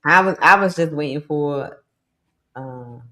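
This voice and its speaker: A man on a panel who talks in a gossipy, easily amused way. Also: a little high. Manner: slow, lively, gossipy, laughs easily. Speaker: panel member. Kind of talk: casual opinion talk.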